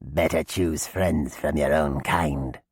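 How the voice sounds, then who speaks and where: A man voicing a hungry undead old witch woman who croaks and drawls slowly in a rustic way. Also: very deep voice, steady tone, dry recording, studio quality, full character voice. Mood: menacing, hungry. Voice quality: croaking, husky. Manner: slow, drawling, menacing rustic speech. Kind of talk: audiobook character voice.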